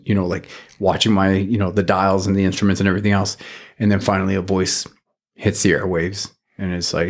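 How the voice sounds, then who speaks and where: A man's voice: low voice, fairly even intonation, quick pace. A man hosting a faith podcast, talking casually and rambling with lots of fillers and restarts. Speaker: podcast host.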